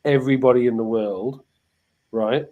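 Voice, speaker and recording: A man's voice: mid-range voice, steady tone, normal speed, warm tone, lo-fi sound. An Australian man co-hosting a casual livestream chat, rambling and repeating words, often laughing. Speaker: livestream co-host.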